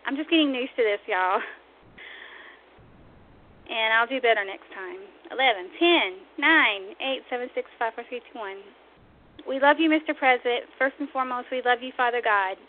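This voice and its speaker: A woman's voice: fairly high pitch, moderate pace. A woman hosting an online religious talk show, speaking fervently and preachily, rambling and repeating herself. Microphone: online radio stream. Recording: tinny phone-line audio, faint noise.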